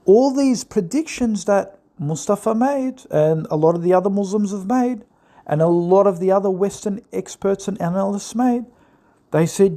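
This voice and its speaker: A man talking through a political commentary monologue in a gravelly, low-lit voice with a mellow, dark tone. He is sarcastic and mocking, and he slips into exaggerated impressions of the people he criticizes. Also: moderate pace. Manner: sarcastic and mocking, mimics opponents in put-on voices.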